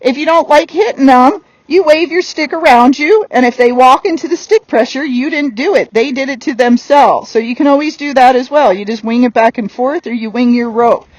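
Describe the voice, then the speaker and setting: Blunt high-voiced woman horse trainer. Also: moderate pace, few pauses, no echo, low-quality recording. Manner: blunt, no-nonsense and firm. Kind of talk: hands-on riding lesson. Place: working a horse on the ground.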